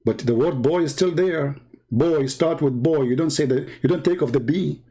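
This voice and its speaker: A man's voice: on the high side, moderate pace, dark tone, breathy edge. A man hosting a call-in debate, combative and mocking, who trades insults and talks over his guests. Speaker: debate host. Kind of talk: heated live call-in debate.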